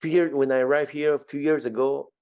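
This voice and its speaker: A man in his fifties from Ecuador with an Ecuadorian Spanish accent, telling his story as an interview guest in an animated way, often repeating words. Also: medium pitch, a little fast, clean tone, dull audio.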